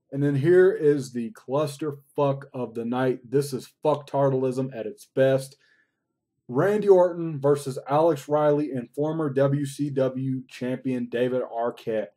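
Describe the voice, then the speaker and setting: A man's voice: medium pitch, fairly even intonation, unhurried, warm tone. A man recapping a wrestling show in a casual, rambling way, swearing often. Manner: profane, rambling play-by-play.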